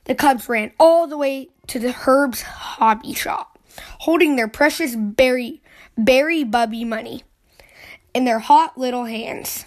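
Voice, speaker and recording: High-voiced woman reading a kids' story. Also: a little slow. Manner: lively storybook reading with excited voices for the cubs. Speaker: children's book reader. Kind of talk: reading a picture book aloud.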